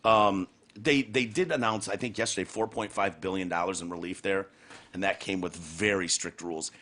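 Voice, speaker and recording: A man hosting a podcast, talking in casual, sarcastic, profane, animated chat. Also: low-pitched, normal speed. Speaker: podcast host.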